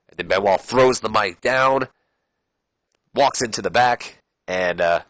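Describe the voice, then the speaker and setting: A man's voice: fairly low pitch, a little slow, fairly bright tone, no room sound. Casual rambling man narrating gameplay. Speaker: game channel host. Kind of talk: let's play commentary of a wrestling sim.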